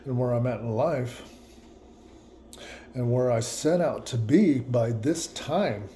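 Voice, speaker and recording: A man's voice: medium pitch, takes it slowly, warm tone, a little hiss or hum. A man vlogging a reflective personal monologue, musing and repeating himself, with laughs at his own words.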